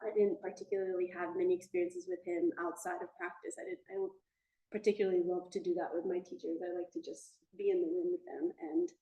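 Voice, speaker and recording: A woman's voice: on the low side, very animated, quick pace, dark tone, lo-fi sound. Thoughtful woman in a roomy studio. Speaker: teacher speaking at a memorial gathering. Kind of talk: casual personal reflection. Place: yoga studio, indoors.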